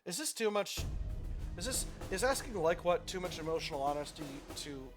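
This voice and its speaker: A man talks through his game choices in a chatty, thinking-aloud way, laughing easily and tripping over his words now and then. His voice is a little high for a man. Faint music plays under him. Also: very animated, a little fast. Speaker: let's play host. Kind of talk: casual gameplay commentary.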